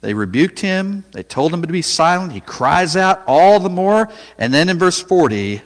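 A man preaching a sermon, dramatic, rising to loud cries when he acts out a scene. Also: high-pitched, very animated, normal speed, big-room sound.

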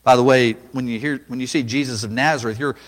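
A man preaches a sermon in a voice of ordinary pitch, telling the story with drama. He drops low for quiet asides and climbs to loud cries when he quotes. His voice rings out with a long reverb, as in a large church hall. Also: fairly even intonation, fast talker.

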